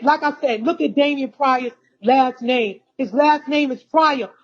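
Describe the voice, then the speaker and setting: A woman from the United States giving a heated, accusatory monologue to her followers, repeating herself and calling out to them directly. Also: high voice. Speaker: vlogger addressing followers. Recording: dull lo-fi recording.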